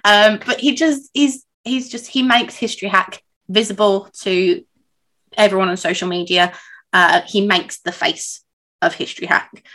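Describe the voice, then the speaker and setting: Woman co-host, mid-pitched, rambling with many restarts. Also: a bit bright. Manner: rambling, halting. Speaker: podcast co-host. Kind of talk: casual chat.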